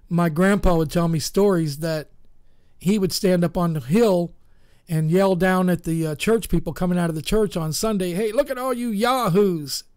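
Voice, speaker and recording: A man's voice: sits high, a little mellow, no echo, studio quality. A man hosting an internet radio talk show, bantering easily with his caller. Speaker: radio host. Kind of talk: casual radio chat.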